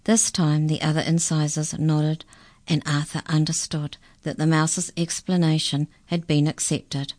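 Low, slow woman storyteller for children; dry close recording. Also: dry recording. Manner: unhurried, expressive reading. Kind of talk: storybook reading.

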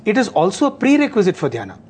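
A man talking earnestly in a spiritual discussion, often pausing with fillers. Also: sits high, wildly swooping pitch, a little mellow, breathy edge.

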